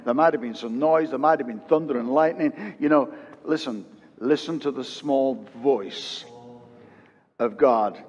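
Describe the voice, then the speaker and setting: A pastor in his fifties preaching a sermon, swinging from loud emphatic peaks to hushed quiet and repeating phrases for emphasis. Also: mid-range voice, in a large hall, highs cut off. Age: 50s. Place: church.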